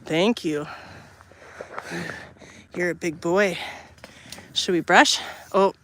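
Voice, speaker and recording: Slow-talking woman live from her garden. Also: on the low side. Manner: chatty, coos softly to her animals. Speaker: livestream host. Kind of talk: casual livestream chat. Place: outdoors in a garden. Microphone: phone held in hand.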